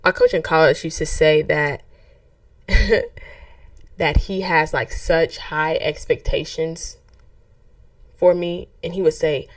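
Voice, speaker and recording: A young adult woman hosting a faith podcast, talking in a lively, conversational way and acting out quoted voices. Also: deep voice, moderate pace, no room sound, distant mic. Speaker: podcast host; track coach.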